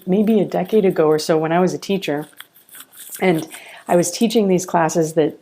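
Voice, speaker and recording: A middle-aged woman with a low, mellow voice tells stories in a podcast interview. She is a college founder and speaks with earnest, animated feeling.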